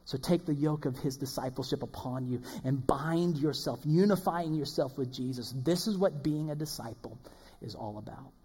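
A man preaching a sermon as pastor, swinging between loud emphatic lines and hushed ones. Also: mid-range voice, normal speed, husky. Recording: long hall reverb.

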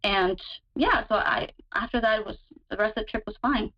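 A woman's voice: normal speed, slightly rough. Chatty woman telling a long personal story. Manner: chatty, many fillers, relives moments with sudden higher pitch. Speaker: guest describing her relationship. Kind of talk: casual storytelling. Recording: slightly dull lo-fi audio.

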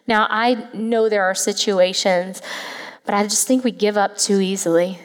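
A woman pastor preaches in a warm, chatty way and speaks straight to her congregation. Her voice carries a long reverb from the church hall. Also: medium pitch, fairly even intonation, normal speed, clean tone. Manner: heartfelt, conversational, tearful at moments. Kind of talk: sermon. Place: church sanctuary.

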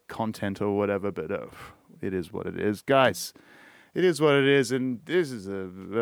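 A man's voice: medium pitch, clear, resonant tone, dry recording, clean studio sound. Foul-mouthed Australian man rambling. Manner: rambling, swears constantly, trails off with "I don't know". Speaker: podcast host. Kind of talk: casual solo podcast monologue.

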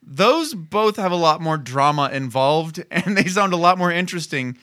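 A podcast co-host with a mid-pitched, bright voice talks through a TV episode. The delivery rambles, with many restarts and fillers. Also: expressive, moderate pace. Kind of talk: casual chat reviewing a TV episode.

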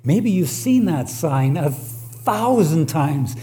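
A man preaching a sermon and reading scripture aloud, slow and deliberate, rising louder on key lines. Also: a little high, big pitch swings, slight background noise.

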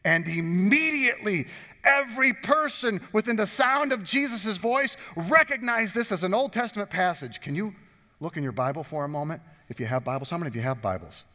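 A pastor preaching a sermon, joking and drawing the congregation in with questions. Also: male voice, high-pitched, expressive, a little fast, pushed and bright, long reverb tail. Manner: jokey, talks with the congregation.

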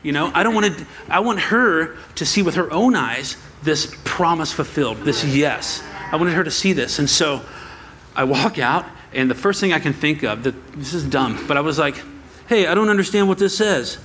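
A man with a fairly high voice speaks at a normal speed, with a little hiss or hum in the background. He's a pastor in a church sanctuary, telling his congregation a personal story with animation and acting out the voices in it.

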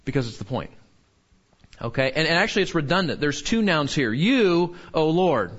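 A man's voice: fairly high pitch, very animated, fairly quick, fairly bright tone, muffled recording. A man teaching a Bible lesson to a class in a conversational way, often asking "right?" and repeating key points for emphasis.

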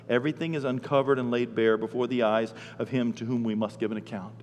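A male pastor preaching a sermon in a folksy, animated storytelling way. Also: mid-range voice, fast talker, few pauses, a little hiss or hum. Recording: long hall reverb.

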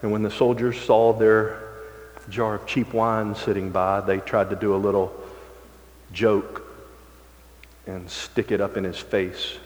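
A man preaching a sermon as pastor, reading scripture slowly and swinging between forceful emphasis and hushed, low passages. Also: flat delivery. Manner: dramatic shifts from loud emphasis to hushed low tones; slow, drawn-out scripture reading. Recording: long reverb of a large hall.

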